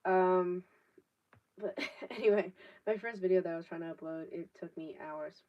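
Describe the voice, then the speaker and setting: A 19-year-old woman with a lowish voice speaks at normal speed, chatting casually on a live stream. Her talk rambles, full of fillers and offhand swearing, and the laptop audio comes across distant and dull.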